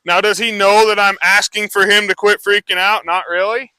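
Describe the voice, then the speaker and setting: A man's voice: high voice, flat delivery, normal speed, sharp tone, no room sound. Easygoing man explaining horse training. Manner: casual, rambling explanation with many fillers. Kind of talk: live horsemanship demonstration.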